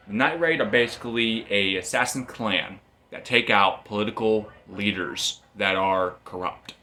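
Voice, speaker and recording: A man's voice: lowish voice, moderate pace, bright, forceful tone, faint music behind. A man casually recapping a manga story, rambling and often repeating and restarting phrases. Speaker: manga reviewer.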